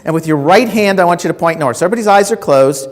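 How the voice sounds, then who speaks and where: A man's voice: high-pitched, lively intonation, very fast. Man giving a keynote in a hall. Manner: storytelling, asks the audience questions, acts out quotes. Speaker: keynote speaker. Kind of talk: live keynote talk to a sales audience. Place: conference hall. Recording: reverberant hall recording.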